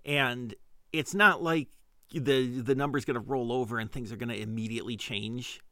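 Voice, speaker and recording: A man's voice: mid-range voice, fairly even intonation, moderate pace, sharp tone, dry recording, studio quality. A middle-aged man hosting a podcast, telling a casual comedic story in a rambling, self-deprecating way with frequent restarts. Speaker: podcast host.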